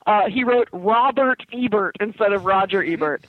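A woman's voice: medium pitch, lively intonation, moderate pace, no echo. A woman in a casual comic podcast chat, telling stories in a self-mocking, laughing way, often swearing. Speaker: newspaper editor, podcast panelist. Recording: dull lo-fi sound.

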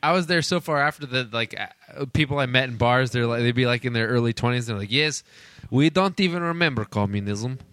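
Man, bright and a bit high, dry close mic, joking raconteur on a comic podcast. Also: steady tone, fast talker, hardly any pauses, smooth, no room sound. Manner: joking, storytelling, swears. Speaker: podcast panelist. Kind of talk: casual comic chat.

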